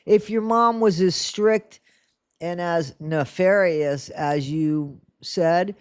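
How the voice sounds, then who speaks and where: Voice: medium pitch, slow, smooth, no echo, clean studio sound. A speaker in their sixties ranting through blunt, profane, scolding true crime commentary. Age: 60s. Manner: sarcastic, scolding.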